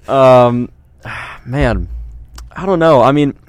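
A man in a casual group chat, hesitantly weighing his options out loud. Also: fairly low pitch, animated, measured pace. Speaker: fantasy draft participant.

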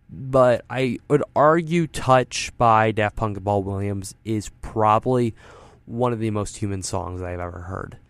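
A man's voice: lowish voice, creaky, no echo. A man hosting a radio show from a studio, talking casually and rambling, with lots of fillers. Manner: rambling, self-deprecating, full of fillers. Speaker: radio host. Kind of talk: casual on-air talk. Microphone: studio mic, wearing headphones.

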